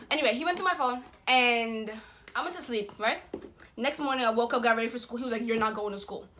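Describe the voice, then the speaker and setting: A young woman vlogger telling a personal story in a casual, slangy, animated way, acting out what people said. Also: fairly high pitch, fairly quick, noisy background. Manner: slangy, animated retelling with quoted voices.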